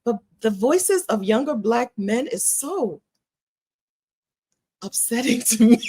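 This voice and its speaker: A woman's voice: a little high, takes it slowly, breathy edge. A middle-aged American woman vlogging in a casual, opinionated way, emphatic and laughing often. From United States. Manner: animated, emphatic, laughs often, repeats phrases.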